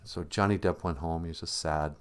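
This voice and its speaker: A man's voice: sits low, fairly even intonation, brisk, clean tone. A man hosting a livestream, spinning a rambling, jokey story on the fly and slipping into silly voices for the characters. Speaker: livestream host. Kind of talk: casual comedic storytelling.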